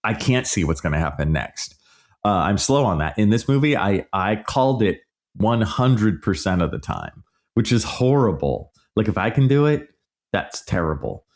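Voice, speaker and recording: On his casual solo podcast, a middle-aged male host rants frankly and with exasperation while reviewing a movie. He speaks at normal speed in a lowish, animated voice.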